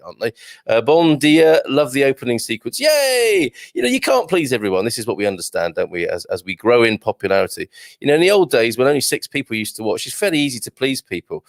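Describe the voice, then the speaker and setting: A chatty man hosts a casual live stream from home, reading out viewer comments with self-deprecating humour. His voice has a gravelly, creaky edge, and the sound is dry and close. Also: mid-range voice, dry recording. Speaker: livestream host. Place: home with builders working on the roof.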